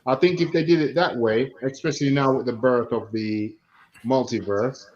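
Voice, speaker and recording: A man's voice: mid-range voice, normal speed, a little mellow. Easygoing man on dull lo-fi audio. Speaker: podcast co-host. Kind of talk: casual chat.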